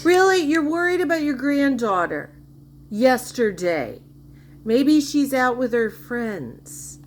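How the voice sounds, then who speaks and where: Woman commentator, mocking, incredulous, high-ish voice. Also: big pitch swings, slow pace. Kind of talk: sarcastic reaction commentary.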